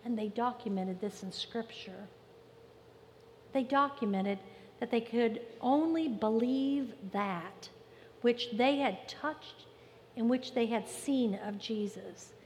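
A woman pastor delivers a sermon with a high, clear voice, leaning on repeated phrases and pauses. She sounds like she is in a church sanctuary with a long, lingering reverb. A faint hum of room ambience sits under her words.

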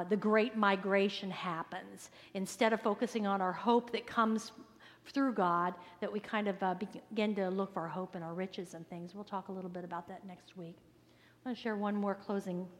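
Woman preaching in a reverberant hall. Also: mid-range voice. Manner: earnest, emphatic, drops to soft near-whispers. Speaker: pastor. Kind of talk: sermon. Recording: long reverb of a large hall.

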